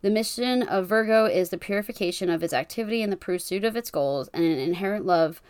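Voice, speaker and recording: Talking fast in a smooth, mid-range voice with a darker tone and no echo, a twenty-something woman with a New Jersey accent co-hosts a podcast. She reads out astrology charts, stumbling over words and laughing frequently.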